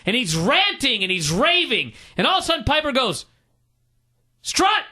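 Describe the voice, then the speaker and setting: Male podcast co-host, excitable storyteller, bright tone, very lively delivery. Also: very high-pitched, fairly quick, breathy edge. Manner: animated storyteller, acts out quotes loudly. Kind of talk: excited comedic recap.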